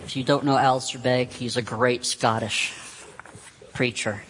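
A male pastor delivers a sermon in an earnest, emphatic way, leaning on repeated phrases. He speaks at an unhurried, deliberate pace and mid pitch. The sound carries a long hall reverb with faint room ambience underneath. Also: level tone, noisy background.

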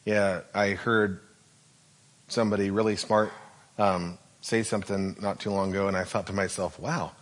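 A man's voice: fairly low pitch, flat delivery, normal speed. A man preaching a sermon, explaining scripture in a conversational way and often checking in with the listeners. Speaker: pastor.

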